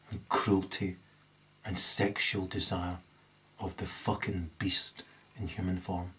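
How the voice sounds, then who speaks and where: Ranting man, constant "right?". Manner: swears heavily, keeps asking "right?"; swings from loud high outbursts to low muttering. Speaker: solo video commentator. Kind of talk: rambling monologue rant.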